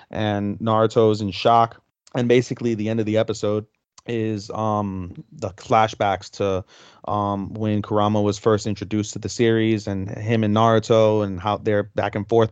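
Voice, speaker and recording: A man's voice: fairly low pitch, darkish tone, no echo, dull audio. A man co-hosting a podcast, casually retelling an episode and acting out the characters' lines as he goes. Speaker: podcast co-host.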